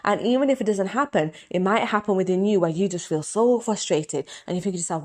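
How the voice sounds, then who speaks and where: A young adult woman hypnotist and coach giving an earnest, repetitive motivational talk that turns softly emotional when she prays aloud. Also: mid-range voice, fairly quick, few pauses.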